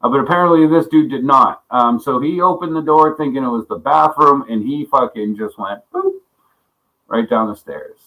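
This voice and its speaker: A man's voice: medium pitch, normal speed, a bit bright, rough recording. A man hosting a casual livestream chat, rambling and swearing a lot, often laughing as he greets viewers by name. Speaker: livestream host.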